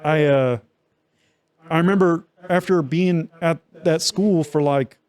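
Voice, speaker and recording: A man's voice: a little high, takes it slowly, a little mellow, smooth. Young man, podcast co-host, casual storytelling, profane, rambling, lots of fillers.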